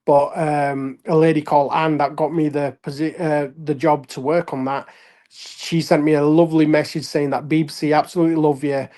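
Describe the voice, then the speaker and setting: A man from Leeds with a Yorkshire accent, a wrestler and actor telling animated anecdotes with laughs in a casual interview. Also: fairly high pitch, normal speed. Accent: Yorkshire English. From Leeds, England. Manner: animated anecdotes with frequent laughs and acted-out quotes. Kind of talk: casual storytelling chat.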